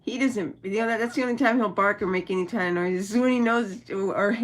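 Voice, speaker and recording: A woman's voice: medium pitch, fast. A woman vlogging at home with her dog. She chats in a rambling, giggly way and uses lots of fillers. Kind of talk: casual livestream chat.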